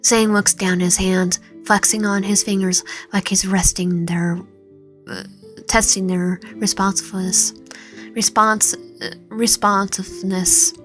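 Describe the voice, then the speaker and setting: A woman's voice: mid-range voice, steady tone, measured pace, soft background music. A woman reading a romance visual novel aloud, with frequent slips and self-corrections. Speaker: gaming channel host.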